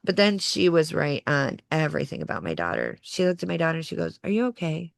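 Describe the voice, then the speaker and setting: A woman in her forties telling a personal story as a podcast guest, animated and acting out the voices of others. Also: low-pitched, fast, vocal fry, no echo, studio quality. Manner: animated, acts out quoted voices, laughs through the story. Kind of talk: personal storytelling in casual conversation.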